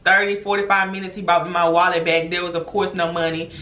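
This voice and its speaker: A woman, a former teacher, telling a storytime vlog in an animated, emphatic way, speaking straight to her viewers. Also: lowish voice, fast talker, roomy sound, a little hiss or hum. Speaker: teacher and vlogger.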